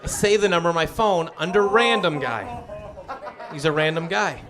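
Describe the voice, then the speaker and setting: A man's voice: a little high, animated, normal speed. A man doing stand-up, telling a long story and acting out the other people's voices. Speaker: stand-up comedian. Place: comedy club stage with a laughing audience. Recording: live club recording, loud crowd and noise.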